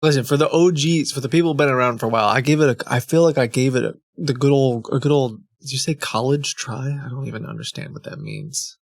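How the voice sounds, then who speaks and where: Gravelly, rambling male streamer. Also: medium pitch, sing-song, fast, hardly any pauses, dry recording, studio quality. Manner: rambling, reads chat logs aloud with frequent ums and restarts. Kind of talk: casual live-stream chat.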